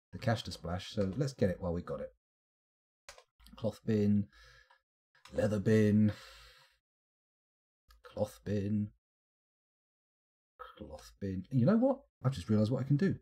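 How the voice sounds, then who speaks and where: British male streamer, dry, sarcastic, lively pitch, husky and mellow. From United Kingdom. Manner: dry, sardonic asides, drawn-out reading. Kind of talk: live game playthrough, reading in-game text.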